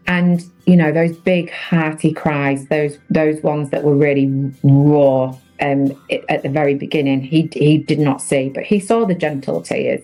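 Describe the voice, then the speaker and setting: A woman in her thirties speaks as a podcast guest, with a lowish voice and an earnest, reflective way of telling her story. It is a candid, unscripted conversation with faint music underneath. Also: measured pace, mellow, rough recording.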